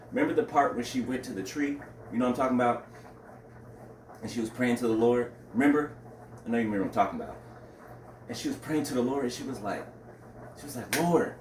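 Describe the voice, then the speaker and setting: Man, casual religious vlog, rambling, frequent "right?", loud outbursts, echoey room. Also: medium pitch. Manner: rambling, asks "right?" often, bursts into loud outcries. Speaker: religious vlogger. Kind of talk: casual religious talk to camera. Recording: roomy, distant mic, faint background noise.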